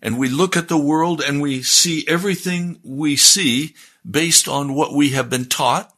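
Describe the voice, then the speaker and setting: A man preaching a sermon, explaining scripture in a deliberate, teaching manner. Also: fairly high pitch, sharp tone.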